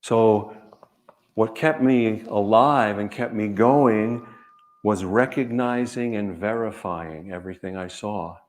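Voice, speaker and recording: Guy with a lowish voice giving an author talk, slow and earnest, lots of pauses and repeated lines. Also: darkish tone. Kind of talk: reflective storytelling talk to an audience.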